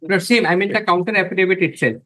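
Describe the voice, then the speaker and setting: A man's voice: high voice, fast, bright, forceful tone, low-quality recording. Deferential advocate, man. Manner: deferential, repeatedly saying my lord; emphatic, reads passages from documents. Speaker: advocate arguing in court. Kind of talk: formal courtroom argument. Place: courtroom.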